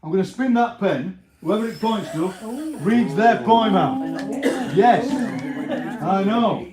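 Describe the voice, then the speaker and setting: A man hosting a poetry workshop in a library, jokey and animated, laughing often with the group. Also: sits high, slow pace. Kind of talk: lively workshop banter. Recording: echoey room with crowd chatter. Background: group of people laughing and murmuring.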